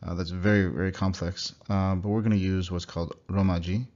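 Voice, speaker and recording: Deep-voiced male teacher, relaxed, full of fillers and restarts; slideshow lesson on a dull computer mic. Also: a little fast. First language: English. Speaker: language teacher. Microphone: computer microphone for a slideshow recording.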